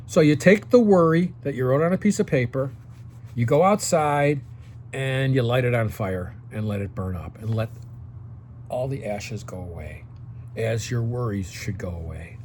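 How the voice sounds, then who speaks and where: A man's voice: medium pitch, lively intonation, moderate pace, a little mellow. A man in his late sixties talks straight to his viewers in an easy, mid-range voice. He coaches them like a friend and keeps checking in with "okay?". A faint hum sits beneath his voice. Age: 60s. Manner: coaching tone, often tags sentences with "okay?". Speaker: vlogger giving advice to seniors. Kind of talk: casual direct-to-camera advice.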